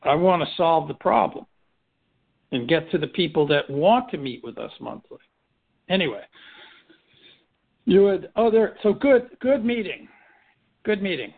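Slightly high and animated, this man's voice is unhurried, creaky and a little rough, with long pauses. On a tinny phone call, he acts as a firm leader in a business team meeting, coaching with rhetorical questions and repeated restarts.

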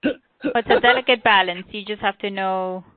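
A woman chats casually on a call, agreeing readily and laughing often. Her pitch is middling. The sound is narrow and phone-like, with no echo. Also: normal speed. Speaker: trainee on a call. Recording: phone line, dry.

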